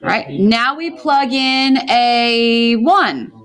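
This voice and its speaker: A woman's voice: a little high, animated, a bit bright. A woman teaching a math class in a classroom, walking students through problems and asking them questions as she goes. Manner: brisk, asks the class questions and answers them.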